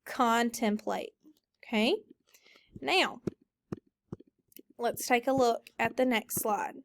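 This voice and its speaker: A woman teacher leading a recorded phonics lesson, slowly modeling and stretching out each word for students. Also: a little high. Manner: slow, drawn-out modeling of words.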